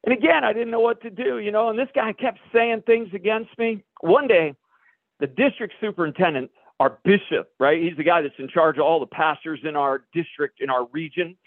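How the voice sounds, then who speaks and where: A pastor telling a personal story in a sermon, a lively storyteller who acts out the dialogue. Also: male voice, high-pitched, normal speed, no room sound. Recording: dry, phone-like radio broadcast.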